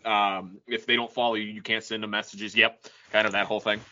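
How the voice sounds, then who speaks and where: Bright-voiced man with dry jokey asides. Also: lowish voice, level tone, a little fast. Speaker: podcast co-host. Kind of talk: casual chat. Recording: dull lo-fi recording.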